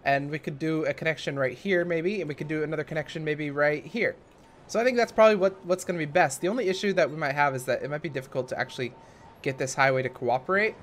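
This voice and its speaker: A man's voice: on the high side, fast, a bit bright, slight background noise. A young man hosting a casual let's play, talking in a chatty, rambling way and often correcting himself. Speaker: gaming channel host.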